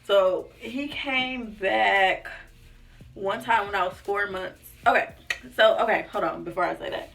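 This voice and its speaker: Speaking a little slowly, this young vlogger has a medium-pitched, slightly bright voice with vocal fry. She chats casually through a personal story, voicing other people's lines and saying "like" and "y'all" a lot. She's recorded from a distance, a bit off-mic, over faint music.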